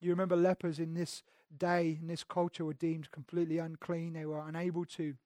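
A man delivers a sermon in a fairly high voice. He swings between raised, emphatic lines and soft, intimate passages, often repeating or restarting his words. The sound is dry and close, with no room echo. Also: flat delivery, a little fast. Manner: preaching with dramatic swings between loud emphasis and hushed intimacy. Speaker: pastor.

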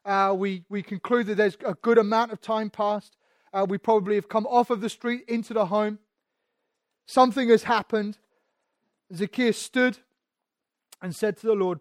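A man preaching a sermon, repeating phrases and asking rhetorical questions, sometimes dropping to a hush and sometimes building loud. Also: high voice, steady tone, moderate pace, long pauses, no echo.

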